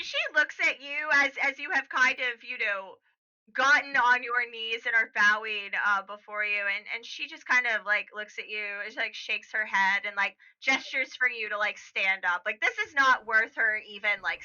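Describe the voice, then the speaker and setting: A woman's voice: on the high side, moderate pace, pushed and bright. A woman narrating as game master of a tabletop game, chatty and full of fillers, heard on a dull lo-fi recording. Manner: chatty, many fillers and restarts, laughs easily.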